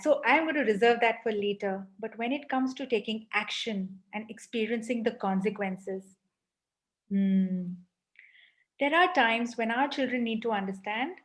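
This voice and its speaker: Emphatic woman parenting coach. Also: a little high. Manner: emphatic, frequent rhetorical "right?". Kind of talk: live online parenting workshop.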